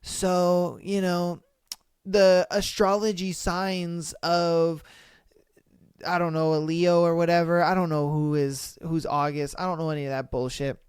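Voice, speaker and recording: A man's voice: fairly high pitch, little pitch movement, unhurried, clean tone, no room sound, clean studio sound. A man hosting a podcast who reads dating stories aloud and reacts with slangy, exclamatory rants, calling his listeners bro. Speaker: podcast host. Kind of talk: casual reaction commentary.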